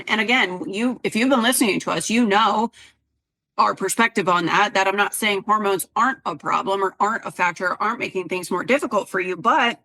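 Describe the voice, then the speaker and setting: A woman's voice: mid-range voice, brisk. A woman co-hosting a health podcast, talking casually and acting out her clients' words. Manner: chatty, animated quoting of clients. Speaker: podcast co-host, health coach.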